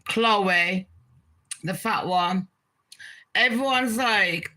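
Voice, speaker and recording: A woman's voice: medium pitch, lively intonation, measured pace, sharp tone. A woman chatting casually as a gossip vlogger, blunt and crude, swearing freely and tossing asides to her viewers.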